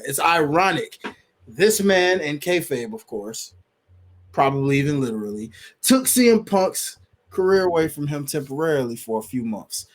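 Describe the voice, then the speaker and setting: A man co-hosting a casual wrestling chat podcast, telling stories animatedly and laughing as he acts out quotes. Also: a little high. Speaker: podcast co-host.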